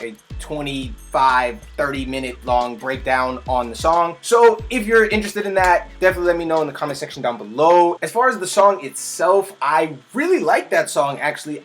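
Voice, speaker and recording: His voice is on the high side as he, a music producer, reacts casually to a music video. The commentary is excitable and rambling, frequently cut off mid-sentence.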